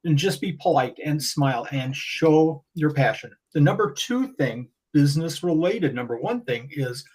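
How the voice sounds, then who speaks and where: A man talking as a guest on a podcast, animated and rambling, often restarting his sentences. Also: on the high side, normal speed, breathy edge, poor audio. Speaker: guest breeder. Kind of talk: casual podcast conversation.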